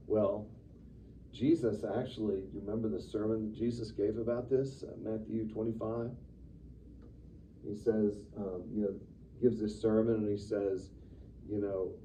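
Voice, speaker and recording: A man teaching a church Sunday school class in a lively, conversational way, acting out the quotes he reads. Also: lowish voice, unhurried. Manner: animated, conversational, acts out quotes with sudden loud bursts. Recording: distant, dull room recording with faint noise.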